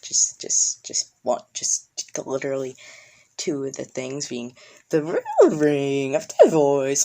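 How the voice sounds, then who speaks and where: A man's voice: medium pitch, very animated, normal speed, creaky, warm tone. A man telling a story casually to viewers, rambling with many restarts. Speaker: video creator.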